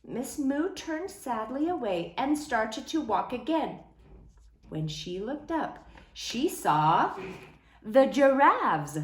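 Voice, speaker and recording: A woman reading a children's picture book aloud in an expressive, sing-song way. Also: on the high side, takes it slowly. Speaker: storyteller. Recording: roomy echo.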